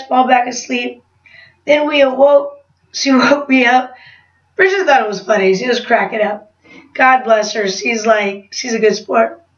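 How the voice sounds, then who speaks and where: A woman vlogger telling a rambling confessional story in a chatty way, laughing at herself. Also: sits high. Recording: roomy, distant, slightly dull sound.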